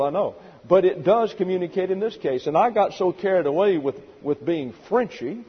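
Husky-voiced man teaching from the pulpit. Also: on the high side, long reverb tail, muffled recording. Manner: methodical, numbered points, dry asides. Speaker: pastor. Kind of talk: expository Bible teaching.

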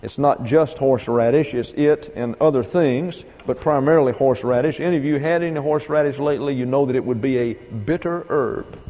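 A man's voice: mid-range voice, brisk, few pauses, warm tone. Folksy male Bible teacher in a hall. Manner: folksy, digressive, spells out words. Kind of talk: classroom Bible lecture. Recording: hall with long reverb.

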